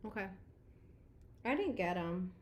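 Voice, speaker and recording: A woman's voice: fairly low pitch, very animated, measured pace, a little mellow, slight background noise. A woman in her thirties, a beauty vlogger chatting casually on a livestream, greeting viewers and laughing often.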